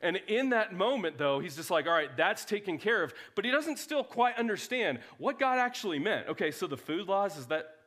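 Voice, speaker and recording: A male pastor preaching to his congregation in a fairly high voice. He tells the stories in a lively, conversational way and acts out the characters' lines as he goes. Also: moderate pace. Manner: animated storytelling, acts out biblical dialogue. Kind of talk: sermon.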